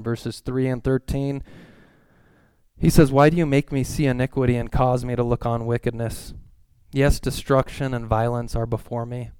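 A pastor preaching a sermon in an earnest, pleading way, reading scripture aloud. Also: male voice, mid-range voice, a little mellow, clean tone, dry recording.

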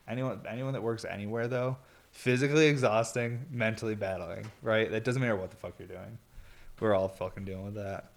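A worn-out man talks in a loose, rambling way, his voice sitting a little low. He swears freely and sounds tired, like he has barely slept. A faint hiss hangs behind him. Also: creaky. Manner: laid-back, rambling, swears a lot. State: tired, yawning. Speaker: vlogger. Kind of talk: casual rambling monologue. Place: indoor workshop or studio.

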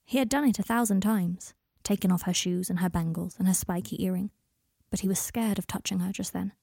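A woman narrating a story in a soft, half-whispered delivery. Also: medium pitch, fairly quick, gravelly, breathy edge, no room sound, studio quality. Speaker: story reader. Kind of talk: audiobook narration.

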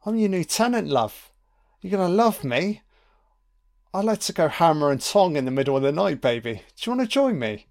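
A man putting on a creepy, smug tenant who taunts in a sweary, sing-song way, pitched well above his own voice. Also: big pitch swings, brisk, a little mellow. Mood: leering taunt. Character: creepy smug male tenant, menacing and mocking.

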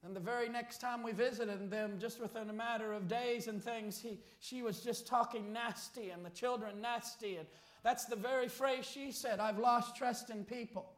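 A man preaching a sermon, telling a story and rising to shouted appeals. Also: very high voice, fairly even intonation, moderate pace. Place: church. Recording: echoey church hall.

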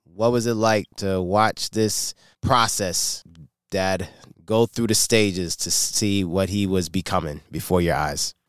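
Male interviewer, storytelling lead-ins, unhurried and smooth, dry close sound. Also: low voice, fairly even intonation, no room sound. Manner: sets scenes in a storytelling way before asking. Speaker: host. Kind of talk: interview hosting.

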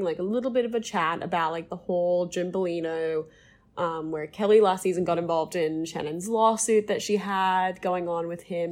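A woman's voice: lowish voice, a little mellow. A woman co-hosting a podcast, chatting casually through a recap with many fillers. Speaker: podcast co-host.

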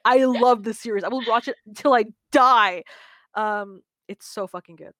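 A woman's voice: on the high side, normal speed, fairly bright tone, dry recording, clean studio sound. A woman co-hosting a podcast in casual chat, gushing and swearing, rambling with fillers. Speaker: podcast co-host.

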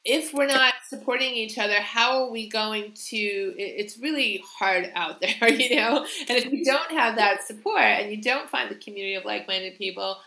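An earnest woman co-hosting a spiritual talk, her voice bright and forceful. She restarts her sentences often and laughs between thoughts. The room around her sounds echoey. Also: medium pitch, moderate pace, creaky, few pauses. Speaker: co-host. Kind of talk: casual spiritual chat.

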